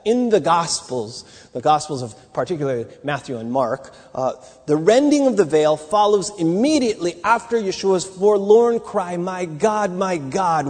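Male teacher, sermon, high husky voice, rambling storytelling. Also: a little mellow. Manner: storytelling, dramatic emphasis; rambling with restarts. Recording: hall reverb.

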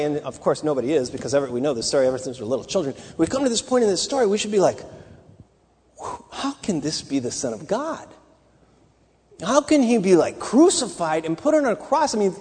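Male teacher, sermon, high husky voice, rambling storytelling. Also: darkish tone. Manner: storytelling, dramatic emphasis; rambling with restarts. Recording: hall reverb.

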